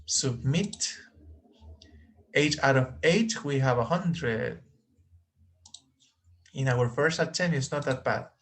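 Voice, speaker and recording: A man leads an online English lesson at an unhurried pace. His voice sits at an everyday middle pitch, and he patiently repeats words so the students can follow. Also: lively intonation. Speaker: English teacher. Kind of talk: online class instruction.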